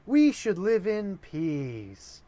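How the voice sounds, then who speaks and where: A man's voice: high-pitched, wildly swooping pitch, drawn-out words, mellow, no room sound, pitched above the performer's own voice, heavily acted. A man voicing a naive young woman who begs and preaches peace. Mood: pleading.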